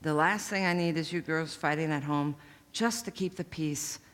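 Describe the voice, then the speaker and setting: A woman voicing a tired, weary mother speaking softly and low on the phone. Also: normal speed, big-room sound. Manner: soft, low, worn-out pleading.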